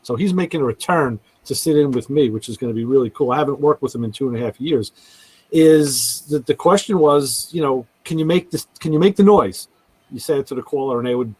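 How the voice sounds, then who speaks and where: A man's voice: on the high side, brisk, breathy edge, dry recording, rough recording. A man hosting a casual radio talk show, telling stories and acting out callers' voices. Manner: animated storyteller, acts out callers' voices.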